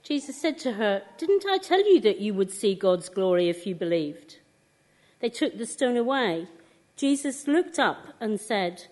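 A woman reading a scripture passage aloud in church, expressive and clear. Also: fairly high pitch, measured pace. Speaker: scripture reader.

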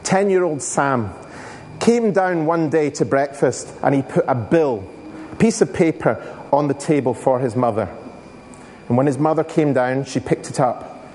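A man's voice: medium pitch, measured pace, darkish tone, a little hiss or hum. A man giving a school assembly talk, telling stories and asking the audience questions. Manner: storytelling, addresses audience with questions. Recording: long reverb of a hall.

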